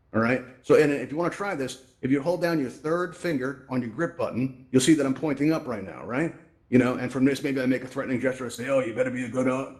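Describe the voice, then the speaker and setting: Hosting a live VR event, a man from New York cheerfully chats his way through teaching the audience the controls, all inside a virtual reality social space. His voice is mid-range and a little mellow, and the VR headset mic gives it a roomy sound.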